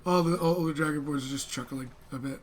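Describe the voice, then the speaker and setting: Man narrating a tabletop game. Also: a little high. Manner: halting, filler-heavy narration. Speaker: game master.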